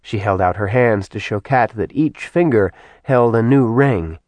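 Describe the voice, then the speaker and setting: A man reading a novel aloud in an even, measured narration. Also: fairly low pitch, no echo. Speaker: audiobook narrator. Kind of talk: scripted narration.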